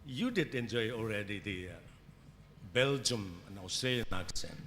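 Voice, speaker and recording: A conference keynote speaker with an Indonesian accent gives an academic lecture in a conference hall, hesitating often with fillers and restarts. His voice is fairly low and fairly bright at a moderate pace, with hall reverb, faint ambience, and a little hiss or hum.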